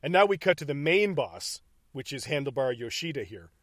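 A man's voice: medium pitch, sing-song, a bit bright, dry recording, clean studio sound. A man co-hosting a casual podcast about a movie, swearing, laughing and acting out the scenes. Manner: profane, laughing, acts out scenes in quick bursts. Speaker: podcast co-host.

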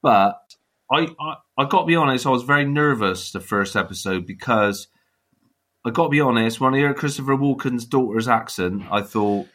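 Easygoing Bristolian man, bright voice. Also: mid-range voice, normal speed. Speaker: podcast guest, actor. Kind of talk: casual podcast chat.

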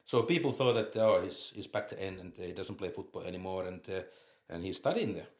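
In an interview, this low-voiced former footballer from Finland, a man in his fifties with a Finnish accent, laughs as he shares spirited stories. The room gives the audio an audible echo.

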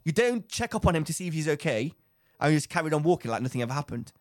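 A young man telling a story in a casual podcast chat, with animated, rambling delivery that circles back and repeats phrases. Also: fairly high pitch, rapid-fire, dry recording. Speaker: podcast co-host.

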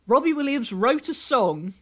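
A man's voice: extremely high pitch, big pitch swings, moderate pace. A man co-hosting a casual comedy podcast, playful and given to hammy showman announcements. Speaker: podcast co-host. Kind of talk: casual comedic chat about songs.

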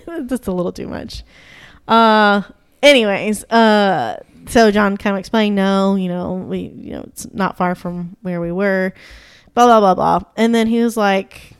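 A woman's voice: medium pitch, unhurried, smooth, no room sound. Young woman chatting on a podcast, rambly stories w/ lots of um and like, laughs a lot, dry mic. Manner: chatty storyteller, laughs often, filler-heavy. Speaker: podcast co-host. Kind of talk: casual chat.

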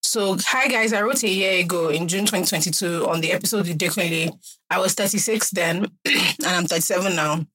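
A woman co-hosting a casual podcast chat, animated and laughing, sometimes mimicking baby talk. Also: fairly low pitch, a little fast, slightly rough. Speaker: podcast co-host.

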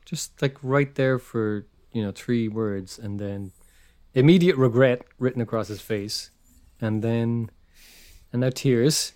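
A man co-hosting a podcast, teasing the others with deadpan asides. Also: medium pitch, slow pace, smooth. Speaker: podcast co-host. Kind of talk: casual chat.

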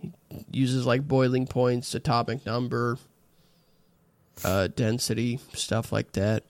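A man casually recapping a show episode with friends, with a relaxed, laid-back delivery full of "yep" and "uh". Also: medium pitch, takes it slowly, no room sound. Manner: relaxed, summarizing with frequent "yep" and "uh". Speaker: podcast host recapping an episode. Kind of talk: casual chat.

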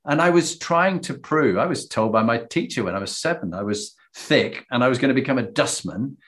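A man hosting an interview, telling anecdotes in an animated, self-deprecating way. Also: mid-range voice, a little fast. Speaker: host. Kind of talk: conversational interview.

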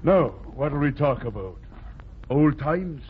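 An actor playing a big, jovial, red-headed Irish former boxer, with a hearty, laughing manner and sudden shouts, in 1940s radio acting. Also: male voice, on the high side, animated, slow, slightly rough, full character voice. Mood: warm nostalgic. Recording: dull vintage radio recording.

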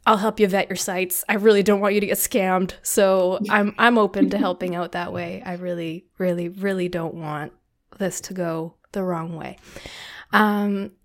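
A woman's voice: on the low side, steady tone, normal speed. A woman co-hosting a podcast, giving casual, encouraging advice with lots of ums. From Canada. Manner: friendly, encouraging, filler-heavy with frequent ums. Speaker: podcast co-host.

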